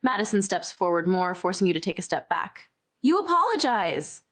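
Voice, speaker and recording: A woman's voice: mid-range voice, big pitch swings, normal speed, a bit bright. A synthetic woman voicing a bossy, teasing chatbot girlfriend. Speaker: AI companion voice. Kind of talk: text-to-speech role-play narration.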